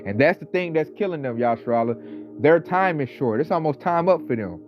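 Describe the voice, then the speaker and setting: A man delivering a casual ranting monologue, talking with animated, mocking energy and mimicking coworkers. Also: a little high, moderate pace. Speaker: online commentator. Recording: slightly dull audio, faint background music.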